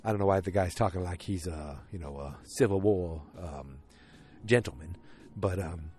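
Outdoors on a windy evening, a man with a deep, darkish voice chats casually at a normal speed. He rambles through a recap of a TV episode, acting out the characters' lines along the way.

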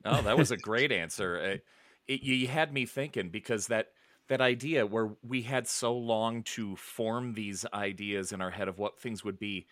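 A middle-aged man chatting casually, rambling with many restarts and soft chuckles. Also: on the low side, normal speed, no room sound. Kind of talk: casual chat.

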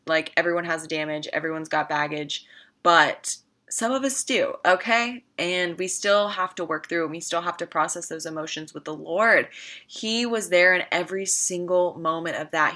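A woman's voice: fairly low pitch, pushed and bright. A woman talking casually to viewers about faith, earnest and emphatic, repeating phrases for stress. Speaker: Christian vlogger.

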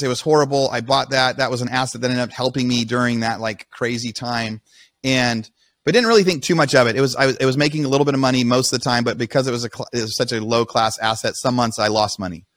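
A man hosts a podcast and tells a long personal story in a loose, rambling way, often stopping and restarting his sentences. His voice sits at an ordinary middle pitch, recorded close and dry with no room sound. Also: steady tone, quick pace, fairly bright tone, dry recording. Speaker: podcast host. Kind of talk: casual storytelling.

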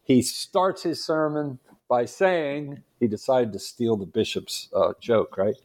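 A man guest on a podcast, telling stories in a lively, animated way and laughing often. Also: mid-range voice, slow pace. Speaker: guest apologist. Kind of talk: casual storytelling interview.

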